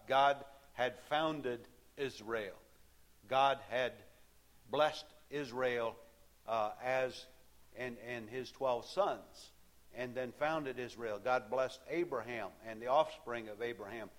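A man's voice: mid-range voice, takes it slowly. A man preaching a sermon, explaining scripture in a conversational way with frequent fillers and asides to listeners.

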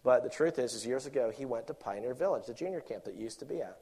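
A man preaching a sermon with passion, rising to loud emphatic peaks and dropping to quiet asides, acting out imagined objectors. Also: medium pitch, expressive, fast, husky. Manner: acts out imagined objectors in quoted voices.

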